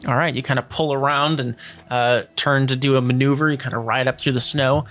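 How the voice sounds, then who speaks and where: A man narrating as game master in a tabletop game, relaxed and hesitant, with many fillers as he works out the rules. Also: mid-range voice, a little fast, faint music behind. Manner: relaxed, hesitant, lots of fillers while ruling.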